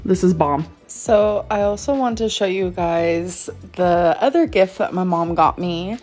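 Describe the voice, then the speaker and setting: Slow-talking woman vlogger in her thirties. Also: fairly low pitch, darkish tone, soft background music. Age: 30s. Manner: unhurried, chatty, many fillers like "um" and "like". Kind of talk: casual vlog chat. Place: at home.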